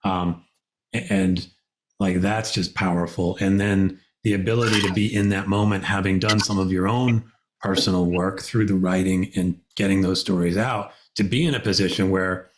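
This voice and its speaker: A man's voice: low-pitched, steady tone, normal speed. A man hosting a podcast, interviewing a guest attentively with frequent short affirmations. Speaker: podcast host.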